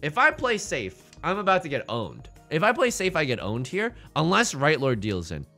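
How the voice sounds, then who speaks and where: A man's voice: a little high, huge pitch swings, moderate pace, pushed and bright, soft background music. A male streamer giving casual, joking commentary on his game and reading chat in a playful, self-mocking way.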